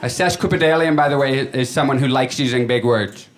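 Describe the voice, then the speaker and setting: Brisk and medium-pitched, this male stand-up comic works a live crowd from a comedy stage, and you can hear them laughing. His set is conversational storytelling, with quoted lines acted out.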